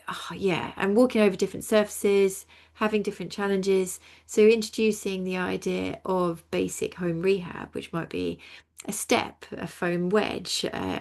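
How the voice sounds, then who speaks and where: A woman's voice: on the low side, vocal fry, darkish tone. A woman hosting an expert interview in a chatty, casual way, laughing easily and swearing now and then. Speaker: host.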